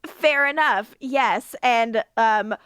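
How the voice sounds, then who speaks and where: A woman with a fairly high voice, recapping episodes on a casual rewatch podcast. She talks in an animated way, acts out the characters' lines and laughs often. The sound is dry and close to the mic. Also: slow, clear, resonant tone, no room sound. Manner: animated recapping with acted quotes and frequent laughs. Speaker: podcast co-host.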